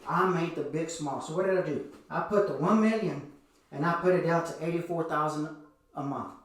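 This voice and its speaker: A man with a slightly high voice delivers a motivational teaching talk, full of earnest, repeated rhetorical questions. He sounds set back from the microphone, and a strong echo fills the room around him. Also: fairly quick. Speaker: motivational speaker. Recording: very echoey room, voice from a distance.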